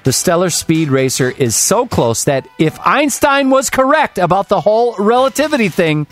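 A man's voice: sits high, big pitch swings, normal speed. Guy rattling off weird news to his cohost, bouncy voice going up and down, little music under it. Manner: jokey, reads news items aloud with asides. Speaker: co-host. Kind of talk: casual radio-style banter.

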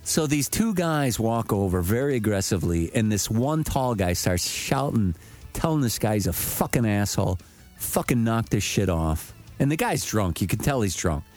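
A man's voice: on the low side, moderate pace, faint music behind. A man telling a story in casual chat, swearing freely and acting out what people said. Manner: profane, animated, acts out quotes.

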